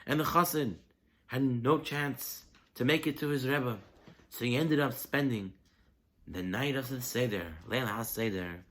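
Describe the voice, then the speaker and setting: A man's voice: mid-range voice, measured pace, fairly bright tone. A man giving a holiday sermon as a rabbi, telling stories animatedly with rhetorical questions.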